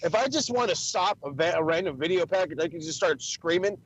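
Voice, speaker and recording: A man's voice: high-pitched, fast, no echo, highs cut off. A man co-hosting a wrestling podcast in casual chat, swearing freely and acting out quotes in funny voices. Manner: profane, excitable, acts out quotes in funny voices.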